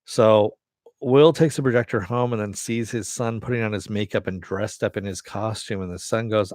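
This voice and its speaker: A man's voice: fairly low pitch, steady tone, moderate pace, dry recording, studio quality. A man casually recapping a TV episode, rambling along with frequent fillers. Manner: rambling retelling with many fillers. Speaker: TV episode reviewer.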